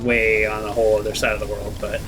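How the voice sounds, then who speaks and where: A man's voice: fairly low pitch, completely flat delivery, quick pace, noisy background. A man playing through a video game and commenting as he goes, musing aloud in a sarcastic, grumbling way. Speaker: gaming channel host. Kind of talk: let's play commentary.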